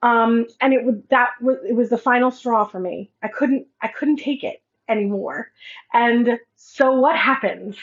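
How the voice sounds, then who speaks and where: A woman's voice: a little high, measured pace. A woman podcast host and life coach telling a personal story in a casual monologue, acting out the quoted dialogue with animation. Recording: slightly muffled lo-fi audio.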